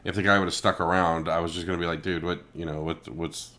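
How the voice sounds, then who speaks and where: A man's voice: sits low, level tone, quick pace, bright, forceful tone. A man co-hosting a casual chat, telling a profane story about a rude moviegoer and acting out the people in it. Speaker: co-host.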